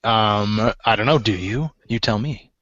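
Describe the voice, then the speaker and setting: A man narrating as game master of a tabletop game, halting and full of fillers as he describes the scene. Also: lowish voice, fairly bright tone, dry recording, highs cut off. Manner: hesitant, many fillers and restarts.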